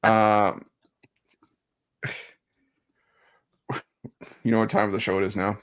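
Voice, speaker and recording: A man's voice: lowish voice, little pitch movement, takes it slowly. A man co-hosting a casual sports betting show, teasing his co-hosts and joking as he reads out picks. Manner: teasing, joking banter with restarts.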